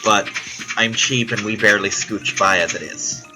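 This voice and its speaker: Casual male vlogger, profane and rambling, with music clearly audible underneath. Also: fairly low pitch, moderate pace, poor audio. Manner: profane, chatty, self-deprecating.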